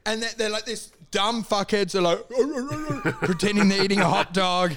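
A man's voice: high-pitched, animated, normal speed, a crowd in the background. A man, co-hosting a podcast, trading sweary, laughing banter in casual comedic chat. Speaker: podcast co-host.

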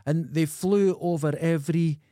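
Mellow-voiced Scottish man, dry sound. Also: on the high side, fairly even intonation, moderate pace, no room sound. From Dundee, Scotland. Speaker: podcast co-host. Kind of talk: casual chat.

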